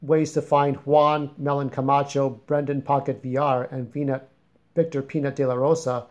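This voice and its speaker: A man's voice: mid-range voice, flat delivery, moderate pace. A man who writes fiction, casually summarizing the plot of his own story in a rambling, informal, plain-spoken way.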